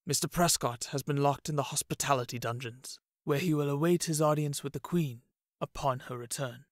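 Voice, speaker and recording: A man voicing a noble, towering knight with a gravelly voice and slow, formal speech. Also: on the high side, no echo, clean studio sound, lightly acted. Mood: stern.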